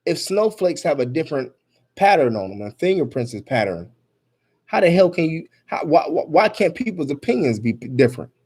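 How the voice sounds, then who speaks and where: A man's voice: on the high side, very animated, a little fast, breathy edge. A man reads a news story aloud and rants about it in an angry, emphatic voice full of swearing. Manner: angry, emphatic, swearing, rising to near-shouts. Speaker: vlogger commenting on news. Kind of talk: reading news aloud and ranting.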